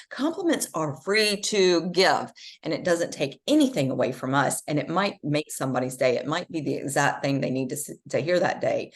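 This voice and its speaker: Here a middle-aged woman guests on a podcast for a motivational talk. Earnest and emphatic, she offers encouragement while her pitch rises and falls in sweeping swings.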